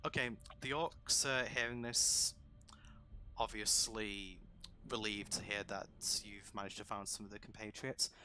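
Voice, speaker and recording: A man narrating as dungeon master for a tabletop game, in a relaxed, rambling way with many fillers. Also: fairly low pitch, unhurried, slight background noise.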